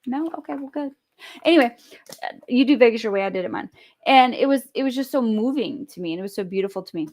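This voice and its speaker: A woman vlogging at home, telling a story in an animated, chatty way and swearing freely. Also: fairly high pitch, fast. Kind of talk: casual storytelling vlog.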